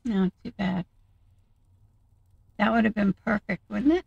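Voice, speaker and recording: Gravelly-voiced woman thinking aloud. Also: mid-range voice, no echo, muffled recording. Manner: thinking aloud, chatty and unhurried. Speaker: gaming video host. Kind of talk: casual game commentary.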